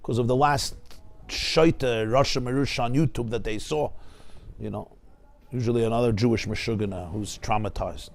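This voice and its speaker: Animated rabbi teaching a class. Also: male voice, mid-range voice, moderate pace. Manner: animated, joking, acts out voices of people he describes. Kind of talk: lively Torah class lecture. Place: study hall.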